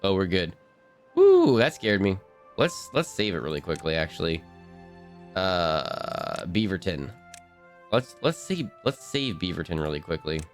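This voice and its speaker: A man's voice: sits low, wildly swooping pitch, unhurried, faint music behind. Bubbly, rambling male streamer. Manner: rambly and bubbly, restarts a lot. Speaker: game streamer. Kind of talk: casual live stream chat.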